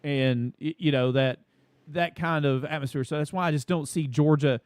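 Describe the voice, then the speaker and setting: A man's voice: on the high side, normal speed, darkish tone, smooth, no echo, studio quality. A man co-hosting a casual college football talk show, folksy and drawn out when making a point.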